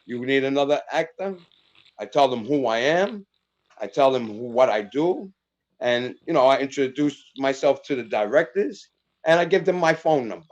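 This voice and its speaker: A man's voice: medium pitch, moderate pace, highs cut off. A middle-aged man, an actor, chatting casually and acting out the people in his stories. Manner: animated storyteller acting out dialogue. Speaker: actor guest. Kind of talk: casual chat.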